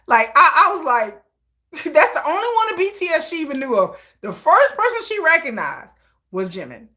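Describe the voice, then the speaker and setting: Woman, livestream host, casual storytelling, high bright voice. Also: normal speed. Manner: animated storytelling, acts out quotes, laughs often. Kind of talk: casual chat.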